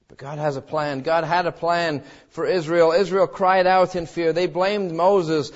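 A man preaching a sermon as pastor, swinging between calm teaching and dramatic, acted-out quoted cries. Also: fairly high pitch, normal speed, hardly any pauses, lo-fi sound. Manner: preaching with dramatic rises, voicing quoted cries and God's words.

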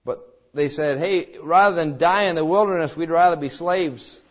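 A man preaching a sermon as pastor, swinging between calm teaching and dramatic, acted-out quoted cries. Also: fairly high pitch, moderate pace, lo-fi sound. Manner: preaching with dramatic rises, voicing quoted cries and God's words.

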